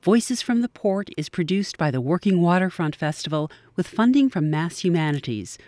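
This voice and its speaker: Radio narrator guy, even and measured, dry close mic. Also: high-pitched, no echo. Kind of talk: scripted narration.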